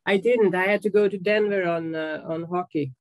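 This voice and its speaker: A woman's voice: fairly low pitch, normal speed. A woman student in an online art class, speaking in an easygoing, slightly apologetic way. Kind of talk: casual class chat.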